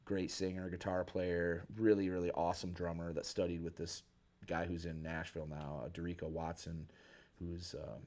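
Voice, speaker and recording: A man from Michigan, a guest musician, telling a story casually in an interview, animated and loose with slang. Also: low-pitched, normal speed. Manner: animated, acts out quoted people with a raised voice, casual slang. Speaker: guest musician, bass player.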